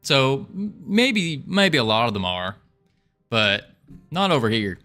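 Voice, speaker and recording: A man's voice: medium pitch, big pitch swings, slow pace, pushed and bright, soft background music. A man streaming his game development, chatting casually with a playful, rambling manner and often repeating his own phrases. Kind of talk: casual livestream chat.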